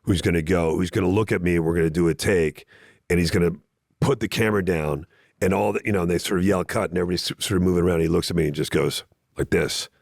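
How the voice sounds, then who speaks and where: A man's voice: deep voice, fairly even intonation, quick pace, a little mellow, no room sound, studio quality. A man from Canada, a podcast guest, chatting casually and telling rambling, self-mocking stories full of restarts. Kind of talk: casual chat. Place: podcast studio.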